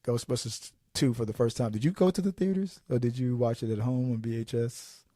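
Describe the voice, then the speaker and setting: A man's voice: mid-range voice, fairly quick, dark tone, no echo, clean studio sound. Rambling male movie podcast host. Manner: rambling, restarting sentences, acting out quotes. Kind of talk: casual movie chat.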